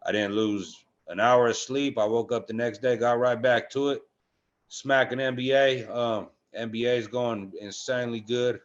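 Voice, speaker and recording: A podcast co-host talks sports betting in a casual, blunt way, swearing freely and filling gaps with lots of "uh" and "um." His voice is mid-range and steady at a normal speed, and the audio sounds dull and lo-fi.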